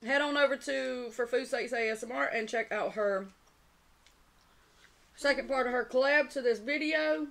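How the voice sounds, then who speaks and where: A woman's voice: high voice, normal speed, vocal fry, fairly bright tone. A woman hosting an eating show, chatting casually and talking straight to her viewers. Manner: chatty, addresses viewers as y'all. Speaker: mukbang channel host.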